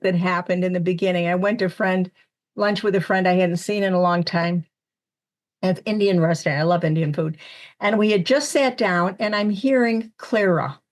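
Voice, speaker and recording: Older lady medium telling stories, chatty, acts out the quotes. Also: medium pitch. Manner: chatty, animated storyteller who acts out quotes. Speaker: guest medium. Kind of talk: casual storytelling interview.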